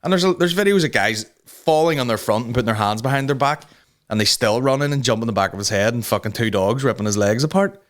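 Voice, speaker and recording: A man's voice: mid-range voice, animated, fast talker. A man hosting a comedy podcast, ranting heatedly with lots of swearing and restarts. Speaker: podcast host.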